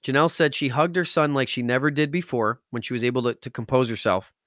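A man hosts a podcast, recounting a heavy real-life story with emotion in his voice. His delivery is intense and emphatic, pushing hard on key words. The sound is dry and close, with a mid-range pitch. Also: quick pace, a bit bright, no echo. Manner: intense, emphatic, rising to outbursts. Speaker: podcast host.

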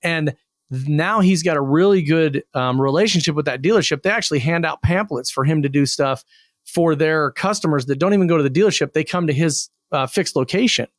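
A man co-hosting a casual podcast, chatty and telling anecdotes with lively quoted dialogue. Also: a little high, a little fast, dry recording, studio quality.

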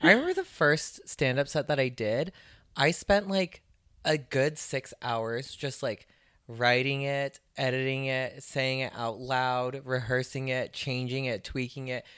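A woman co-hosting a podcast, a stand-up comedian chatting casually and telling animated stories. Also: extremely low pitch, unhurried, smooth, no echo, studio quality. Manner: chatty, animated storytelling with voiced asides. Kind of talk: casual chat.

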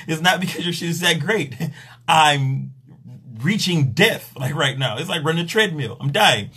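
A man, a pleasure coach, in an exasperated, profane comedic rant in a husky voice. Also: fairly high pitch, lively intonation, normal speed, pushed and bright.

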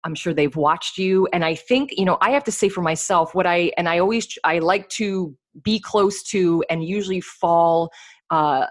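A woman hosts a podcast and sets up her questions with long, effusive compliments to her guest. Her voice sits on the low side for a woman, and her speech loops back on itself as she goes. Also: moderate pace. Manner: effusive, rambling, full of praise. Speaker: podcast host. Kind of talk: interviewing a guest.

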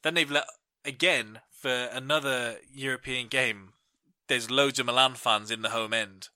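Young man, very bright voice, dry close sound, laughing storyteller, casual podcast chat. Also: medium pitch, unhurried, no echo. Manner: laughing storyteller, animated in quoted bits. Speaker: podcast co-host.

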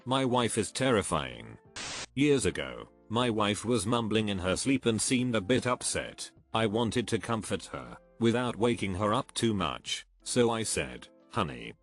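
Low-voiced man reading stories over soft music. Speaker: narrator reading forum stories. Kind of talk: scripted narration.

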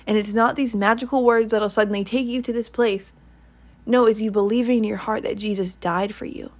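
A woman's voice: on the high side, steady tone, fairly quick. A woman giving an earnest, rambling online sermon, repeating her points and leading a prayer. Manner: earnest, repetitive, rambling exhortation. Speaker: online preacher.

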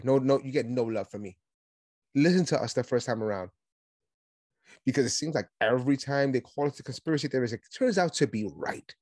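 Animated sarcastic male podcast host. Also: mid-range voice, no room sound, clean studio sound. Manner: animated, sarcastic, mocking impressions. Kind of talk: political commentary monologue.

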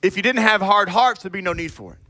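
Preaching with energy and emphasis, this high-voiced pastor addresses his congregation head-on. He singles people out and briefly plays out characters in rapid asides.

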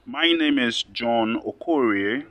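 A man's voice: mid-range voice, expressive, slow pace, a bit bright, dry recording. A man from Nigeria preaching a sermon, earnest and repeating phrases for emphasis. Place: Lome, Togo.

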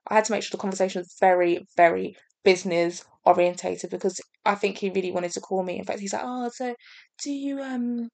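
A woman's voice: fairly low pitch, level tone, fast, gravelly, hardly any pauses, a little mellow, no room sound. A young woman, chatting casually as a podcast co-host and laughing through her stories. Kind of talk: casual chat.

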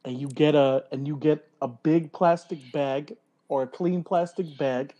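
Man, husky voice, casual chat, slangy, swearing, animated storyteller. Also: fairly high pitch, measured pace, highs cut off. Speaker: podcast co-host.

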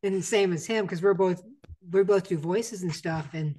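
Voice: medium pitch, moderate pace, dark tone. A podcast host asks questions in casual interview chat, often restarting sentences.

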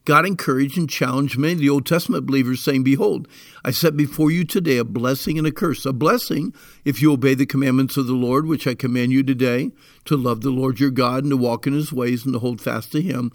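Earnest male Bible teacher, gravelly voice. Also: mid-range voice, fairly even intonation, fast talker, dry recording, studio quality. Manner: earnest, emphatic, repeats key words. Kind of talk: devotional meditation for children and teens.

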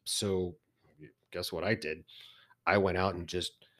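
A man's voice: low voice, fairly even intonation, slow, fairly bright tone. A man co-hosting a whiskey podcast, telling a long rambling story in casual chat with many restarts and asides. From Texas. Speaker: podcast co-host.

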